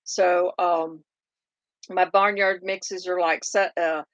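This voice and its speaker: A woman's voice: on the low side, level tone, slow pace, no room sound. A middle-aged woman with a thick Southern drawl chats unhurriedly with viewers on a farm livestream. She rambles and restarts her sentences, filling the gaps with ums. Her voice sits dry and close, with almost no room sound. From Oklahoma. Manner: chatty and rambling, many fillers and restarts. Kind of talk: casual live chat reading viewer comments.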